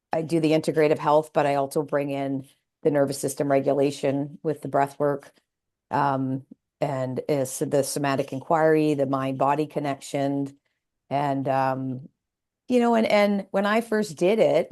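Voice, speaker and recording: With a low, darkish voice, a Canadian woman chats casually as a podcast interviewee, recounting something from her own life. She keeps restarting and hesitating with fillers, and performs the voices of people she quotes.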